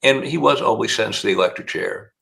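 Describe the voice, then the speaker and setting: An older Southern man with a low, gravelly voice, spinning courtroom stories at length. He keeps a steady storyteller's drive and jumps his pitch up when he quotes people. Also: quick pace. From South Carolina. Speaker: defense attorney, guest. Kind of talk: storytelling interview answers.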